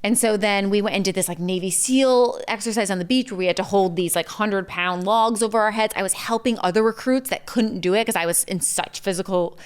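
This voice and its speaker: A woman's voice: mid-range voice, a little fast, hardly any pauses, clean tone. A young woman telling a story as a podcast guest, chatty, full of "like" and "um", acting out what others said. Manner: chatty, lots of "like" and "um", acts out quotes. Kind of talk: casual storytelling interview.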